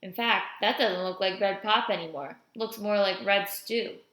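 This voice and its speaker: A woman's voice: mid-range voice, normal speed, a bit bright, close to an everyday voice. A woman reading the part of a joking, fatherly older man who drives a car, in a storybook reading. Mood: teasing. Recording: roomy echo.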